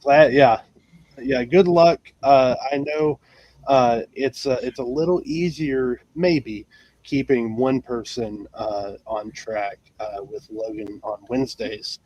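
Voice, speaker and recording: A man's voice: mid-range voice, fairly even intonation, slow pace, darkish tone, no room sound, highs cut off. Filler-heavy male podcast host, dry sound. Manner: hesitant, many fillers and restarts. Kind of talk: casual live show hosting.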